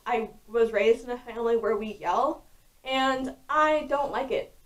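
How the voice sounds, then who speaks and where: A young adult woman vlogging in casual chat to camera, talking loudly and frankly with many fillers. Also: fairly high pitch, a little slow. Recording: voice distant from the mic.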